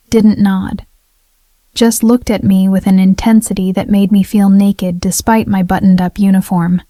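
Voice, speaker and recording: A woman narrating a dramatic first-person story in a steady, even way. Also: medium pitch, no echo, clean studio sound.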